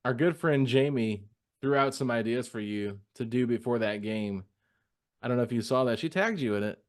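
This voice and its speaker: A man's voice: mid-range voice, moderate pace. A man co-hosting a sports podcast in casual chat, playfully teasing and needling his co-host.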